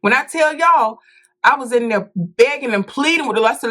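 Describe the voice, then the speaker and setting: A woman vlogging a casual storytime, dramatic and animated, acting out quotes and calling her viewers "y'all". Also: a little high, a little fast. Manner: addresses viewers directly as "y'all" and "baby".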